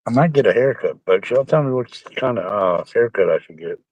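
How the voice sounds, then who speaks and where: A man's voice: medium pitch, expressive, brisk, a little mellow, no echo, dull audio. A man chatting casually and rambling with his viewers on a live stream, sounding like he has a bad cold. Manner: rambling, salty, joking.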